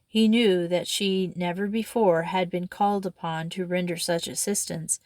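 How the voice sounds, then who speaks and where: A woman reading a true story aloud in a measured, expressive way. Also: on the low side, dry recording, studio quality.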